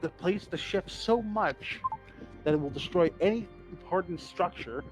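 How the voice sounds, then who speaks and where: A man's voice: sits high, moderate pace, soft background music, rough recording. A man hosting a casual lore podcast, enthusiastic and profane, quizzing his co-hosts. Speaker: podcast host.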